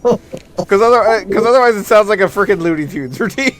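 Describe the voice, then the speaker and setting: A man's voice: sits high, animated, a little fast, a little hiss or hum. A man streaming a video game who teases his friends and laughs often in casual banter. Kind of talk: casual banter while gaming.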